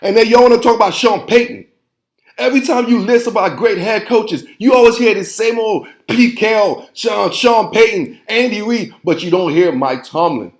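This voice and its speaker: A man's voice: high voice, moderate pace, roomy sound. A man hosting a football show, ranting in a heated, preachy way and repeating himself. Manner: fired-up, preachy, repeats phrases and says "man" constantly. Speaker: sports show host.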